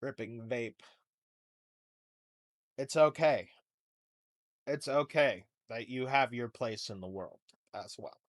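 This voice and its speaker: A man's voice: mid-range voice, slow pace, pauses often. A young man hosting a comedy podcast, rambling through a profane, jokey monologue. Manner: rambling, profane, jokey rants with mock voices.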